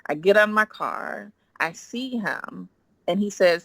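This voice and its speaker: A woman guest on a podcast telling a story in animated chat, often acting out what she and others said. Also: fairly low pitch, moderate pace, no room sound. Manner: lively, quotes herself and others in acted voices, frequent "like".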